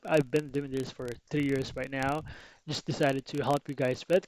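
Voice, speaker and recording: Energetic man coaching cold calls. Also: medium pitch, no echo, low-quality recording. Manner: energetic, acts out call lines with shifting intonation. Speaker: sales coach. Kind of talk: casual tutorial monologue.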